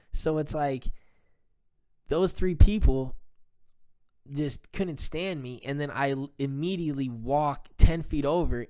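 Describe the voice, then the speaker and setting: A man's voice: mid-range voice, darkish tone, smooth. Rambling man telling his story. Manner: rambling, repeats himself, frequent fillers. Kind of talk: casual personal storytelling.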